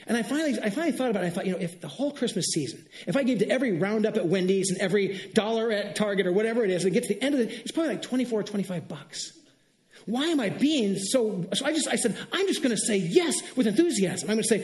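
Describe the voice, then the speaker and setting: High-voiced fast-talking male pastor. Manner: animated storytelling, exclaims and laughs. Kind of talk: sermon.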